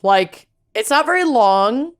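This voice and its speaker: A young adult woman co-hosting a podcast, chatting casually, animated and quick to laugh. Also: on the high side. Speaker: podcast co-host. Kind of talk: casual chat.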